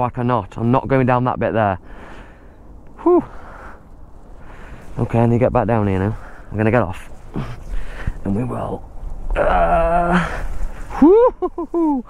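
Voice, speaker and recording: A man's voice: mid-range voice, gravelly, slight background noise. A man, out of breath, giving chatty running commentary while riding an e-bike through muddy woods outdoors. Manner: chatty, exclaims at the mud.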